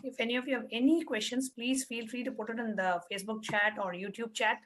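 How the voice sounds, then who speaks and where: Woman facilitator with a high voice; patient, repetitive, step-by-step guidance for an online workshop. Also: steady tone, fast talker, a bit bright, a little hiss or hum, low-quality recording. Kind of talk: guiding an online spiritual workshop.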